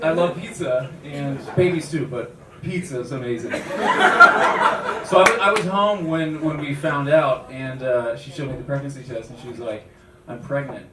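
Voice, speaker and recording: A young man performing a stand-up comedy set on a club stage, animated, acting out quoted voices and jumping up in pitch for punchlines, with audience laughter behind him. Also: moderate pace. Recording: roomy club sound, taken from a distance, loud noise.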